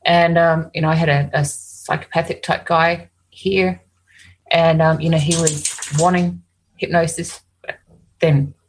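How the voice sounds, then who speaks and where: A woman's voice: sits low, little pitch movement, a little slow, poor audio. An Australian woman working as an animal communicator and hypnotist. She tells stories in casual conversation, rambling, restarting often and saying "you know" a lot.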